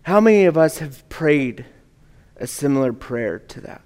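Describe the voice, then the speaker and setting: A man preaching a sermon in an earnest manner, often dropping to a hush on key words. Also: a little high, animated, measured pace. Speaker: pastor. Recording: long hall reverb.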